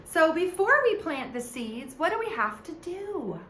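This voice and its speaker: A woman's voice: extremely high pitch, sing-song, unhurried, pushed and bright, reverberant, a little hiss or hum. A woman teaching a preschool music lesson on video from home, seated, talking to small children in a sing-song teacher voice. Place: home, seated in front of a camera.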